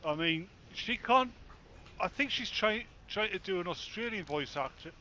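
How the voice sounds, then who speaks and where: A man's voice: high-pitched, animated, normal speed, bright, forceful tone. A man chatting casually with friends while playing a game, wry and profane, often correcting himself mid-sentence. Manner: wry, swearing, self-correcting. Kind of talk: casual banter while gaming. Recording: muffled, with faint noise.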